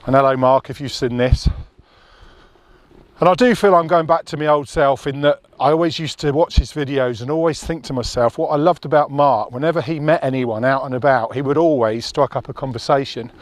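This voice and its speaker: A man's voice: medium pitch, fairly quick, no room sound. A man chatting to his handheld camera while walking a country road, talkative and rambling. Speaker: outdoor vlogger. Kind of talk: casual chat to camera.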